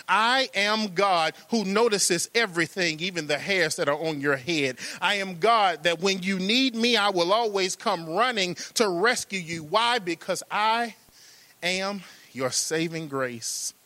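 A preacher man with a high, bright, ringing voice. He builds rhythm through repeated phrases and stretched-out words, then breaks into folksy asides to the congregation. It's an emphatic, driving sermon delivery. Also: dry recording.

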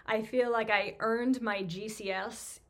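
A woman's voice: fairly high pitch, steady tone, measured pace. New lady in her 30s, podcast host rambling through a story, lots of um and like, pokes fun at herself. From New York. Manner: chatty, self-deprecating, lots of fillers. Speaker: podcast host, physical therapist. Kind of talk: casual storytelling monologue.

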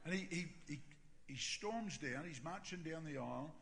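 Aussie pastor guy telling a funny story, high bright voice, echoey big church hall. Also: normal speed, gravelly, slight background noise. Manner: animated, self-mocking humorous storytelling. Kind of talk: storytelling sermon. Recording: reverberant hall with faint ambience.

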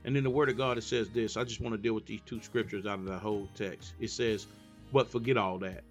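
Man preaching, sermon cadence, climbs into high emphatic peaks, repeated refrains, faint music behind. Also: steady tone, brisk, muffled recording. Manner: rising from low asides to high shouted emphasis; repetitive call-and-response preaching.

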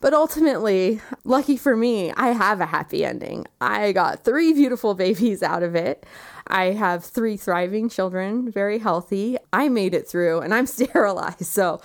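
A woman in her thirties, earnest and reflective, telling a personal story in conversation and often dropping quiet. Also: medium pitch, animated, normal speed. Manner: earnest and reflective, quiet moments with soft laughs.

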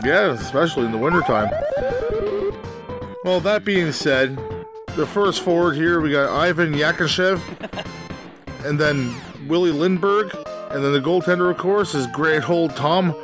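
A man from Canada co-hosts a gaming podcast. He teases his partner with dry, deadpan humor in a slightly raised pitch. Music plays clearly behind the talk. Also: normal speed. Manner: dry teasing jokes, deadpan list reading. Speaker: podcast co-host. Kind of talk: casual gaming podcast chat.

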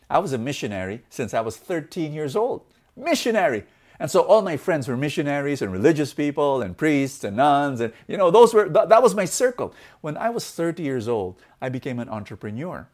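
A man giving a motivational talk, telling a fable and speaking in an animated way that shifts from loud to soft. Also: mid-range voice.

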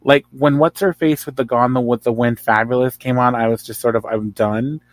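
A man's voice: medium pitch, steady tone, fairly quick, no room sound. A man from New Jersey, a podcast guest chatting casually and giving strong, rambling opinions with lots of asides. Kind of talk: casual chat.

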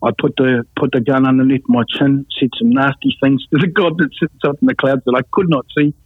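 A man's voice: mid-range voice, fairly even intonation, fairly quick, husky, no room sound. A man giving a blunt, matter-of-fact account of his life as an interview guest. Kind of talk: personal testimony in an interview. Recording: tinny phone-like sound, dry.

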